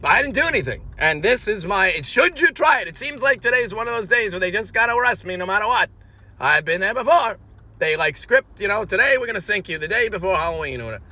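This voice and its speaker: A man delivering a rambling spoken monologue in an agitated way, swinging between shouting and low muttering. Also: expressive, fast. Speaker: monologue speaker.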